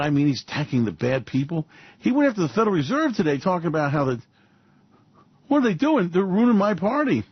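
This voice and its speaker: Husky-voiced man, mocking and animated. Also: fairly high pitch, dry recording. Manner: mocking, rambling, chuckles often. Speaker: show host. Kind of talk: sarcastic financial commentary monologue. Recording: dull lo-fi recording.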